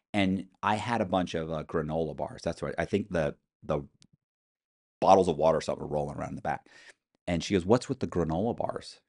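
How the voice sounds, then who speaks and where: A middle-aged man, an interview guest, telling stories in a casual, animated way, acting out what people said and swearing now and then. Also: deep voice, vocal fry. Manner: animated storyteller, acts out quotes, curses casually. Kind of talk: casual storytelling.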